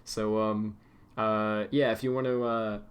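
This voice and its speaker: A man's voice: fairly low pitch, flat delivery, a little slow, clear, resonant tone. A man streaming, chatting casually and rambling with lots of fillers and restarts.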